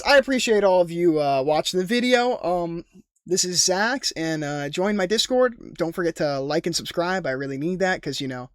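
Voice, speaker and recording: A man's voice: a little high, no echo, studio quality. A young man casually recapping his game sessions as a YouTuber, rambling in slangy, profane talk. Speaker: gaming YouTuber.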